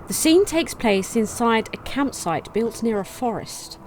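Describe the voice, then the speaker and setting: A woman casually commenting on her gameplay, reading game text aloud in a chatty way with sudden excited outbursts. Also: a little high, unhurried, slight background noise. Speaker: let's play gamer.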